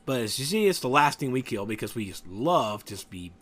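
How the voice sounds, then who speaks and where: A man's voice: lowish voice, lively intonation, a little fast, a bit bright. A tired, yawning man giving casual, rambling commentary over a game raid walkthrough, joking and trailing off as he tries to recall names. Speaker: gameplay guide commentator.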